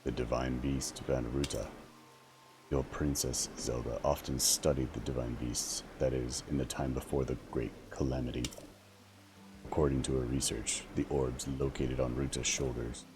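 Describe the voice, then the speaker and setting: A man voicing a huge, grave and gentle old fish-man king in a video game, explaining slowly and solemnly. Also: a bass voice, pitched below the performer's own voice. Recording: steady background noise.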